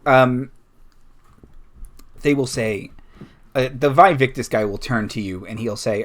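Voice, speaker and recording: A man's voice: medium pitch, a little slow, pauses often. Casual young male game master. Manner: casual, hesitant with many fillers. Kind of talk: narrating a tabletop game.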